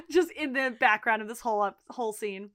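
A woman's voice: fairly high pitch, animated, normal speed, fairly bright tone, no room sound, clean studio sound. A woman co-hosting a podcast, recapping a TV episode in casual chat, emphatic and laughing often, swearing freely. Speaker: podcast co-host.

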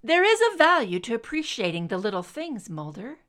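A woman voicing a composed, wry female FBI agent in a read-aloud story, speaking in a measured way. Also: fairly high pitch, huge pitch swings, fairly bright tone.

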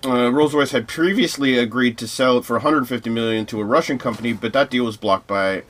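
A man's voice: medium pitch, brisk, fairly bright tone. A man co-hosting a podcast, reading news items aloud with many fillers and restarts in casual discussion. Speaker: podcast co-host.

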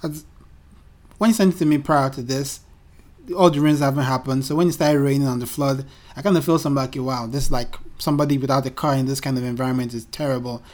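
A man co-hosting a casual podcast, his voice sitting at an ordinary mid pitch. He thinks out loud as he talks, restarting his sentences and feeling his way toward the point. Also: fairly even intonation, fast. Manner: hesitant, restarts, thinks aloud. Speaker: podcast co-host. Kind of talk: casual chat.

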